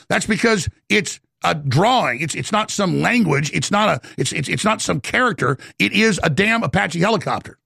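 A man delivering a heated, excited rant as a show host, often stumbling and repeating words as he builds up steam. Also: high-pitched, fairly quick, gravelly, hardly any pauses, husky, no echo, studio quality. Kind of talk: heated ranting monologue.

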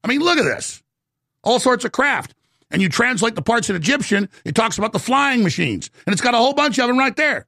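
A man delivering a heated, excited rant as a show host, often stumbling and repeating words as he builds up steam. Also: very high voice, fairly quick, no room sound, studio quality. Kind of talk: heated ranting monologue.

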